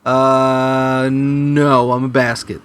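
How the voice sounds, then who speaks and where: A man voicing a talking Easter basket, giving flat, matter-of-fact answers in an improv scene. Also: medium pitch, drawn-out words, smooth, pitched below the performer's own voice. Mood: deadpan.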